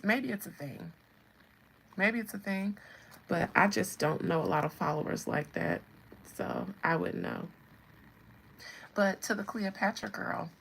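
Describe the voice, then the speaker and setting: A woman's voice: on the low side, creaky, a bit bright, a little hiss or hum, rough recording. A woman in her thirties with a Southern American accent, chatting to viewers in a sassy, teasing way. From Southern United States. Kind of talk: casual chat to viewers.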